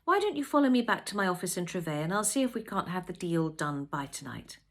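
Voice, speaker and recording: A woman's voice: lowish voice, sing-song, fast talker, a bit bright, full character voice. A woman reading aloud, voicing an eager young male estate agent with a polished sales patter. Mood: smooth.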